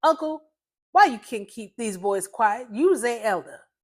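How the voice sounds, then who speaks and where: A woman's voice: a little high, animated, a little slow, a little mellow. A woman voicing Bessie, a strict, bossy old woman in a story reading. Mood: scolding. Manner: scolding, bossy.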